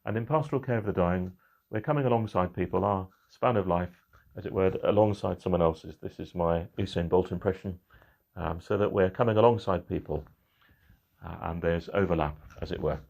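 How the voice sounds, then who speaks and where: Middle-aged male minister, deep voice, unhurried reflective delivery. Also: vocal fry, a little mellow, lo-fi sound. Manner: measured and reflective, slowing on key phrases. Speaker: church minister. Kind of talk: midweek reflection.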